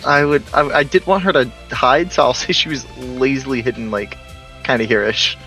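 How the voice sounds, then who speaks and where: A man's voice: mid-range voice, moderate pace, pushed and bright, faint music behind. A man playing in a tabletop game, chatting casually and mumbling as he reads his abilities aloud. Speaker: player.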